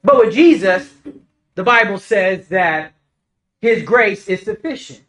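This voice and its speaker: A man preaching a casual, conversational sermon, telling stories with lively acted-out dialogue. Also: sits high, slow, rough recording. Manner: animated storytelling, acts out dialogue.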